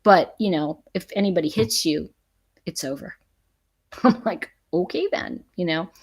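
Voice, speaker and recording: A woman's voice: fairly low pitch, measured pace, slightly rough. A middle-aged woman talks to her viewers on a casual live stream. She speaks with emphasis and laughs often between her points. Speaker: livestream host.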